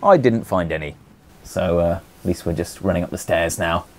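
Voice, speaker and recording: A man's voice: sits low, normal speed, slight background noise. A young man giving casual, joking commentary while playing a video game with a friend. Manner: joking, bossy banter with a friend. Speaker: let's play commentator.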